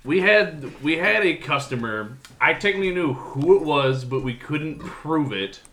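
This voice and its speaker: A man's voice: fairly high pitch, expressive, unhurried, a bit bright. A laid-back man starting a story in casual podcast chat, hesitating and restarting. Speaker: podcast co-host. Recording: roomy with background noise.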